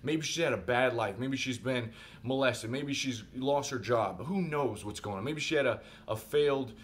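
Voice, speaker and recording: A man telling a personal story in a casual vlog monologue, animated and conversational, speaking directly to his viewers. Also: medium pitch, moderate pace, slight background noise. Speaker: vlogger.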